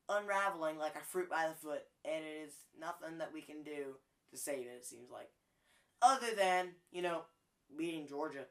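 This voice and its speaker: A man's voice: on the high side, fairly bright tone. Casting note: casual male sports host, jokey and chatty, lots of "you know". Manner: chatty, jokey, frequent fillers.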